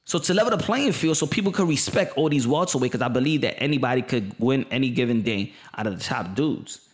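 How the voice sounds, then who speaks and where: A man giving an opinionated monologue, emphatic and passionate, repeating his points in casual slang. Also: on the high side. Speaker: boxing commentator. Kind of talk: opinionated boxing commentary monologue.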